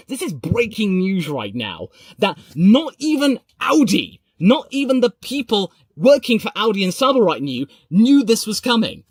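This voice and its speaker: A man reacting to news on a live stream, reading viewer comments aloud and swinging from mumbled asides to excited outbursts. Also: high-pitched, slightly rough, no room sound, studio quality. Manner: chatty, reads comments aloud.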